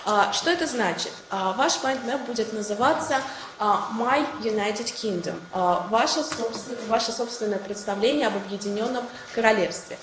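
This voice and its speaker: A woman's voice: a little high, moderate pace. Encouraging Russian-accented woman teacher, echoey. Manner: encouraging, thanks and praises each answer. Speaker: English teacher. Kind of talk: online class quizzing students. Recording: echoey room with faint noise.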